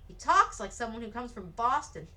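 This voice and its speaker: A stocky farm boy jeers and pushes in a storybook reading, put on by a woman. The voice sits high and sounds bright and sharp. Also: sing-song, normal speed. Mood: mocking. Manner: jeering, pushy.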